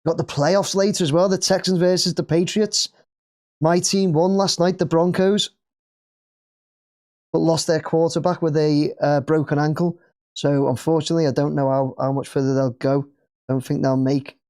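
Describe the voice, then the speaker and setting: A man's voice: on the high side, little pitch movement, moderate pace, darkish tone. A man with an English accent hosting a live football watch-along, chatting casually and cheering at the play.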